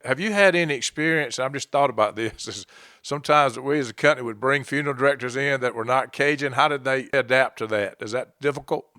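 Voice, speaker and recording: A man's voice: mid-range voice, quick pace, pushed and bright, no room sound, clean studio sound. A man from South Georgia hosting a podcast, chatting casually and asking his guest open questions. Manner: conversational, asks open questions. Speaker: podcast host. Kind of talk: casual interview chat.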